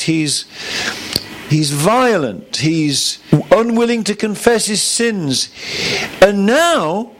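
A man preaching a sermon to a congregation in an animated, emphatic manner, often restarting his phrases. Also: a little high, slight background noise. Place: church room with audience.

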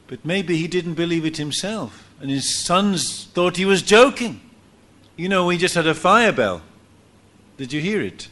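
Animated preacher man, fairly high voice. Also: a little slow. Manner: animated storytelling, acts out quotes with laughs. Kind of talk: sermon.

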